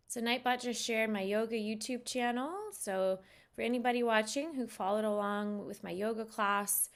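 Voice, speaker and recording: A woman who teaches yoga, chatting casually with viewers on a live stream, unhurried and loose with fillers and restarts. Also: on the high side, fairly even intonation.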